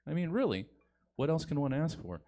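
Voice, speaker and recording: A male comedy host with a wildly swinging, animated pitch that jumps up and down as he talks. He laughs often as he leads the show, his voice sitting a little above the middle. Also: fairly quick.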